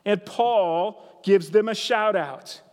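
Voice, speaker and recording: A man with a high voice preaches a sermon to his congregation, earnest and conversational. He repeats his key lines for emphasis, and his voice rings out with a long reverb from a large hall. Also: takes it slowly, darkish tone. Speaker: pastor.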